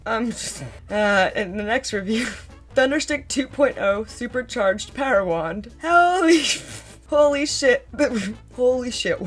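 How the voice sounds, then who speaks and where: A woman giving a comedic commentary, sarcastic and profane, breaking into laughter often. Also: a little high. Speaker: commentary YouTuber.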